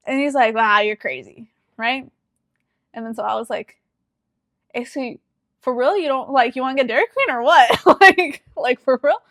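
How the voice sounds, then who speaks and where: A young woman co-hosting a podcast, chatting casually and acting out every line of dialogue as she tells a story. Her voice sits fairly high, and she breaks into laughter often. The recording is dry and close, with no room sound. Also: moderate pace, no echo. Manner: animated storyteller who acts out quoted dialogue and laughs often. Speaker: podcast co-host. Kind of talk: casual chat.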